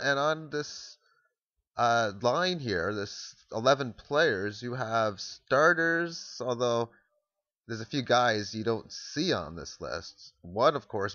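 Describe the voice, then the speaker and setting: A man's voice: medium pitch, sharp tone, dry recording, lo-fi sound. A man casually explaining football strategy, thinking aloud and restarting sentences as he walks through plays. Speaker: amateur football analyst.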